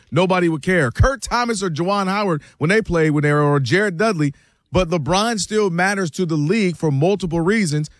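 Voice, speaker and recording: A man's voice: high-pitched, dry recording. A man co-hosting a sports talk show, making emphatic, speculative points and acting out quotes. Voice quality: emphatic, speculative, acts out quotes in other voices. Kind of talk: animated sports debate.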